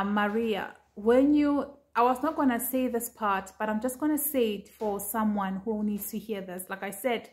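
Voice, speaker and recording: A woman earnestly recounting a dream to her viewers in casual storytelling, with lots of fillers. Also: mid-range voice. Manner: earnest, talks straight to viewers with many fillers. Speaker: vlogger sharing a prophetic dream.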